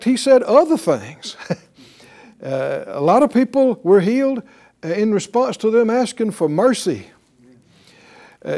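A man teaching a Bible class in a slow, unhurried delivery. His voice sits fairly high for a man, yet it sounds mellow and soft. He keeps it conversational, throwing rhetorical questions at the class and chuckling between points.

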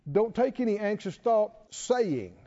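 A man preaching a sermon with animated delivery, repeating phrases and quoting scripture. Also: high voice, unhurried, highs cut off. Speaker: pastor.

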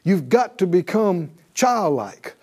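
A male pastor preaching a sermon, animated and calling on the congregation to answer back, often laughing. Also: high voice, slow.

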